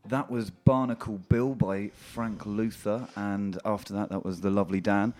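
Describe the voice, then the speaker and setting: A man's voice: lowish voice, fairly even intonation, normal speed, darkish tone, soft background music. A man co-hosting a podcast in casual chat, wry and introducing the songs. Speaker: podcast co-host.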